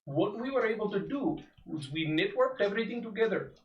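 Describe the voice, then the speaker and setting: A man's voice: high voice, animated, a little fast, echoey room, distant mic, dull audio, slight background noise. A man running a tabletop role-play, speaking formally in character with many stalling fillers. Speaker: game master voicing a character.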